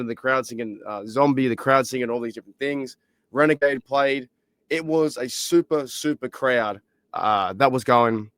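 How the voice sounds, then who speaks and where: A man from Australia with an Australian accent, hosting a casual solo podcast with a hoarse, worn-out voice, rambling excitedly with lots of fillers. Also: medium pitch, no room sound. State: hoarse, lost voice. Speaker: podcast host. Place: library.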